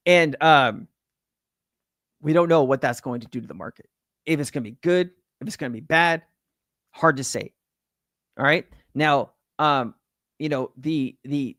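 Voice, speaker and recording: A man hosting a casual livestream, talking in a loose, rambling way full of "uh"s, restarts and the odd curse. His voice sits a bit higher than most men's. The sound is close and dry, with no room echo. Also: fairly bright tone. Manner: rambling, filler-heavy, profane; reads out and greets chat viewers. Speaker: crypto livestream host.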